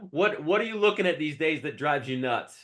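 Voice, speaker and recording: A man hosting an interview podcast, asking questions in a measured, encouraging way. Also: a little high, a bit bright. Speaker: podcast host. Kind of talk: conversational interview.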